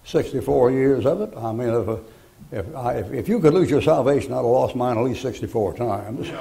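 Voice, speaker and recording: A man's voice: medium pitch, expressive, normal speed, vocal fry, warm tone. An older man preaching a folksy, joking sermon, rambling through homespun stories.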